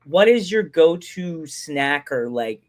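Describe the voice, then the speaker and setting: A man's voice: on the high side, lively intonation, slow. A man hosting a casual podcast, joking around, repeating his punchlines and laughing at them. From Pennsylvania. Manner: jokey, laughs at own lines, repeats phrases. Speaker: podcast host. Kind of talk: casual chat.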